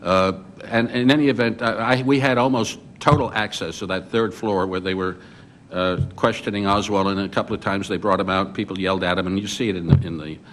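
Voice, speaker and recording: An older man on a journalists' panel, recounting his reporting memories as an animated storyteller who often restarts his sentences. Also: fairly low pitch, fairly quick, a little hiss or hum. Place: conference hall.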